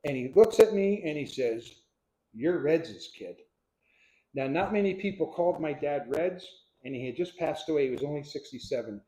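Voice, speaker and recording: Guy in his 60s from pennsylvania telling stories to a crowd, a bit high, mellow, echoey room. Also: fairly quick, few pauses. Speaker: speaker telling his life story. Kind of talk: storytelling talk to a live audience. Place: room with a live audience.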